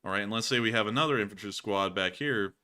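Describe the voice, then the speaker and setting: Man, livestream host, bright tone, relaxed chatty explaining. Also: on the low side, fast talker, smooth. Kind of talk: casual stream commentary.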